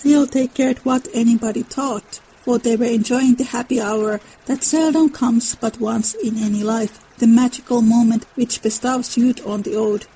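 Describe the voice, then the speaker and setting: Breathy woman giving a dramatic reading. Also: on the high side, steady tone, moderate pace, few pauses, mellow, low-quality recording. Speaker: reader. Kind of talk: dramatic reading of a classic novel.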